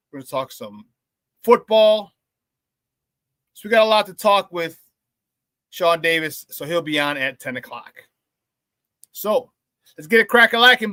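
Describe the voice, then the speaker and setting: A male morning sports radio host talking in a loose, hyped-up, slangy way. His voice is fairly high and bright. He is recorded in a dry studio close to the mic. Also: moderate pace, pauses often, no room sound. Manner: energetic, slangy hype. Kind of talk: casual morning sports talk.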